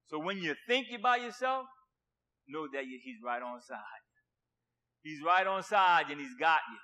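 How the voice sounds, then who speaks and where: A man preaching a sermon with passion, dropping to a hush and then rising loud, repeating words for emphasis. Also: a little high, animated, normal speed. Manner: impassioned, swinging from hushed to loud.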